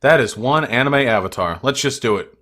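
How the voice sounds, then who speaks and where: A young man rants at his livestream viewers in a combative, mocking tone, full of swearing. His voice sits at an ordinary middle pitch for a man. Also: lively intonation, brisk, sharp tone. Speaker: livestream host. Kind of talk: ranting livestream chat with viewers.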